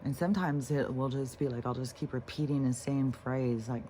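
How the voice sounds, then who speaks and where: A spiritual vlogger with a very deep, warm, steady voice talks unscripted and casually about healing and letting go, with a little hiss or hum in the background. Her delivery is slow and unhurried as she rambles, swears offhandedly, and often restarts sentences.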